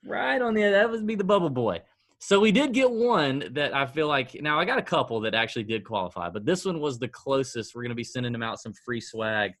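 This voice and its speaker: A man's voice: mid-range voice, lively intonation, fairly quick, fairly bright tone, no room sound. A man hosting a casual sports-betting podcast, joking and self-mocking as he chats with his co-host.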